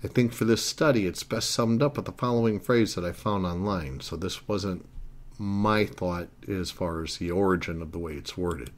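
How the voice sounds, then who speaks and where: A man's voice: sits low, normal speed. A man narrating a language lesson, explaining grammar earnestly and step by step. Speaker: Italian language teacher.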